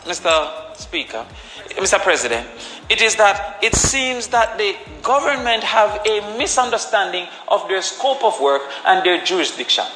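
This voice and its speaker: Jamaican male politician, high bright voice, emphatic debate speech, echoey chamber. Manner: argumentative, emphatic. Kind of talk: parliamentary speech.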